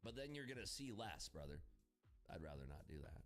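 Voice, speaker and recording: A man livestreaming his futures trading, chatting casually with viewers, profane, excitable and jokey. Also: low-pitched, a little fast, faint music behind. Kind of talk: casual live-stream chat, answering viewers.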